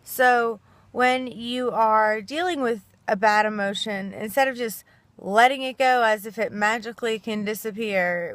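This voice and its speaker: A woman's voice: mid-range voice, fairly bright tone, dry recording. Earnest woman with a dry, close sound. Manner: earnest, rambling, acts out little quoted exchanges. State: choked up. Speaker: self-help video host. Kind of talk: casual heartfelt talk to camera.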